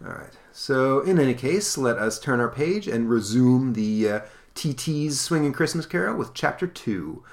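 A man's voice: mid-range voice, expressive, moderate pace. A man casually chatting about an old comic book as podcast host, rambling with lots of fillers.

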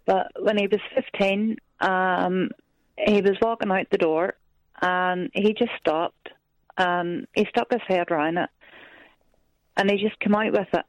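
A woman's voice: medium pitch, fairly even intonation, measured pace, no echo, rough recording. A woman calling in to a radio phone-in, telling her story hesitantly and with lots of fillers. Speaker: caller. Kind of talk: phone-in call.

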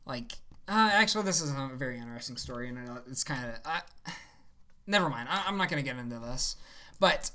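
A woman's voice: a bass voice, lively intonation, quick pace, bright, forceful tone. A woman guest on a casual podcast, dropping dry quips and wry asides. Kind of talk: casual chat.

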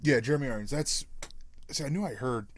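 A man hosting a podcast in casual chat, rambling and chatty and quick to laugh. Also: medium pitch, crowd noise. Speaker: podcast host.

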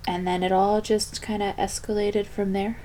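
A woman's voice: mid-range voice, little pitch movement, moderate pace, dark tone. A woman co-hosting a casual movie review chat, blunt and teasing with a sarcastic edge. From Philadelphia. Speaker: podcast co-host.

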